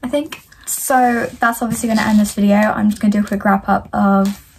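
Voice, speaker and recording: A young woman chatting casually in a reading vlog, gushing and excitable, full of "like" fillers. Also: mid-range voice, fairly quick, a little hiss or hum, low-quality recording. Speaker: book vlogger.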